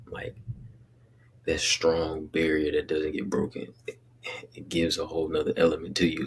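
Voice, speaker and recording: A man's voice: rumbling low, monotone, normal speed, long pauses, a little hiss or hum. A young man talking casually and earnestly to his listeners in a rambling, slangy vlog about handling emotions. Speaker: vlogger giving life advice. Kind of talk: casual motivational vlog talk.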